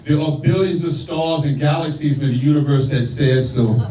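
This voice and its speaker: A man with a fairly high, warm voice performs spoken word at normal speed for a live crowd, punching out declamatory lines and adding casual asides. The recording is distant and echoey.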